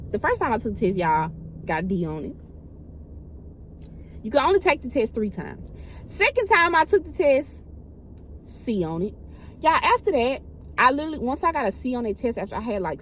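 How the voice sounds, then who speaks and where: A woman in her twenties telling a personal story in a casual vlog, chatty and animated, talking straight to her viewers. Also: on the high side, a little hiss or hum, rough recording. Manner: chatty, animated, keeps addressing viewers directly. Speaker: vlogger.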